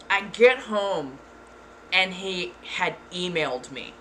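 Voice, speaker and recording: A woman talks in relaxed, casual storytime mode, with a bright, forceful tone sitting a little low. She gets animated and swears freely. Faint ambience sits behind her. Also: takes it slowly, slight background noise. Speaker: ASMR channel host.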